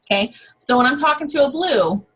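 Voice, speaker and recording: A woman's voice: high-pitched, lively intonation, fairly quick, fairly bright tone. A woman giving a casual, chatty sales training from her home office, full of fillers and exclamations. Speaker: network marketing team trainer.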